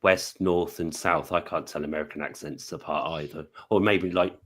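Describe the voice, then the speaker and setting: A man chatting casually as a panelist, his voice trailing off softly at the ends of thoughts. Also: rumbling low, steady tone, moderate pace. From United Kingdom. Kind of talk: casual chat.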